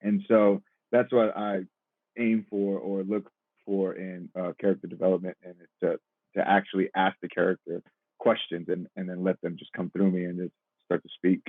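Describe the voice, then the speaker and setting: A man's voice: sits low, little pitch movement, normal speed, no room sound, phone-quality sound. A man in his thirties, an actor and podcast guest, talking casually and reflectively, laughing easily. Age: 30s. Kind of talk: casual interview chat.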